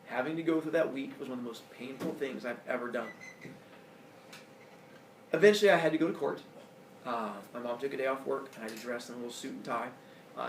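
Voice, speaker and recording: A man from Indiana telling a personal story at camp in an earnest, confessional way with halting fillers. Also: mid-range voice, gravelly, background noise. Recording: echoey room, voice from far off, faint ambience.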